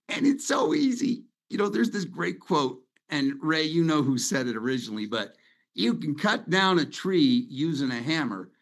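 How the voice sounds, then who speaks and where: A middle-aged man hosting a webinar over slides from his home office on a video call, talking in a loose, sentimental, rambling way. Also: mid-range voice. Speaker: webinar host. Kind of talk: casual presentation over slides.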